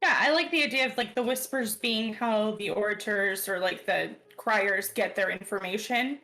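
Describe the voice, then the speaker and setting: A mid-pitched woman talking through an idea in a calm, measured way. Her delivery is thoughtful and easygoing. Faint music sits underneath. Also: poor audio. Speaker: guest. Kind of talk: casual chat.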